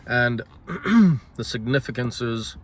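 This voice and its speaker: A man thinking aloud in casual spoken musing, halting and correcting himself, often clearing his throat. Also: medium pitch, big pitch swings. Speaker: solo talker.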